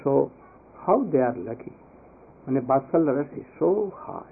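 A man's voice: medium pitch, expressive, measured pace, creaky, a little hiss or hum. A man giving a devotional discourse, telling a sacred story and prompting listeners to finish his words. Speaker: spiritual teacher. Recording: tinny phone-like audio.

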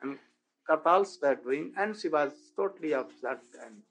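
Telling a sacred story in a devotional talk, this spiritual teacher speaks halting, non-native English and puts rhetorical questions to his audience. He sounds a little high and fairly bright with lively intonation, and the audio is poor.

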